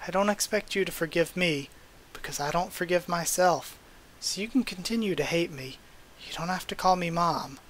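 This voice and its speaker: A man's voice: high-pitched, normal speed. A man reading aloud the lines of a remorseful woman, a former caretaker mother, from a comic, in his own plain voice. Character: remorseful former caretaker mother who turned against her master.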